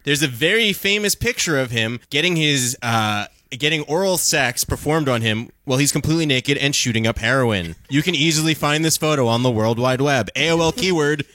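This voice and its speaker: A man with a bright, lively voice talks with a quick, wry edge, explaining things in a casual comedy chat. The sound is dry and close. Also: mid-range voice, no room sound. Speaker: podcast co-host.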